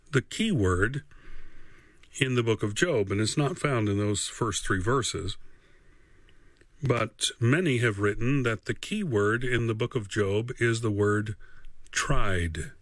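A man teaching a radio Bible lesson, slow and deliberate with long pauses. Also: medium pitch, dry recording.

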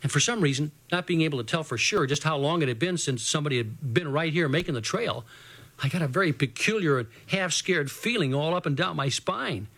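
Slightly high-voiced male storyteller. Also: animated, fairly quick, fairly bright tone. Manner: folksy first-person storytelling. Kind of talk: reading a children's adventure story.

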